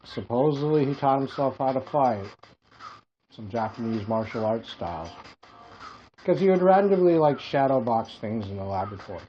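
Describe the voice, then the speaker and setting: A man's voice: medium pitch, lively intonation, moderate pace, warm tone. A man from Hawaii co-hosting a podcast, telling rambling comic stories in casual chat and laughing at his own jokes. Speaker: podcast co-host. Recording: dull lo-fi podcast audio with faint music.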